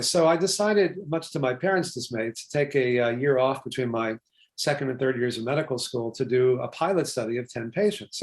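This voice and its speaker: An older man from Texas, a physician guest telling stories in an interview, talking quickly with asides and quoted dialogue. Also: mid-range voice. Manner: fast, chatty, with asides and acted-out quotes. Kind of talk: animated storytelling interview.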